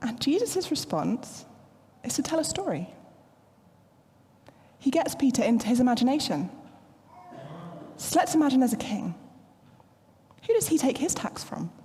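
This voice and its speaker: A woman, preaching a sermon in a playful, animated storytelling manner. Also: high-pitched, normal speed, pauses often, big-room sound. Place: church.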